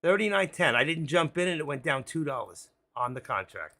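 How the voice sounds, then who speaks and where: A man giving excitable, frantic live commentary on his options trades, talking straight to viewers. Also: on the high side, brisk, creaky. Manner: excitable, frantic, swears mildly, talks to viewers as folks.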